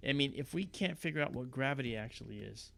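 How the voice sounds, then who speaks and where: A man hosting a livestream, talking casually and telling animated stories with quoted voices. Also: mid-range voice, fast, vocal fry, soft background music. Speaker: livestream host.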